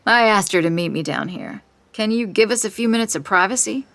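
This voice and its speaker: A woman voicing an earnest young rich man, speaking with hushed, urgent concern. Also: medium pitch, sing-song, normal speed, breathy edge, no room sound. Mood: cocky.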